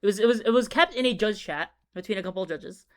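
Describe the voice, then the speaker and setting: A young man tells a story in a loose, rambling way, swearing freely and tripping over his own words. He drifts between quiet muttering and loud, excited bursts. It sounds like a casual talk recorded at a desk while he draws. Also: high-pitched, quick pace, clean tone. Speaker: video creator.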